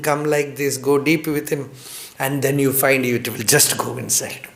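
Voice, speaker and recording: A man from India giving a spiritual discourse, gentle and chuckling often, repeating words for emphasis. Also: fairly high pitch, echoey room. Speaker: spiritual teacher.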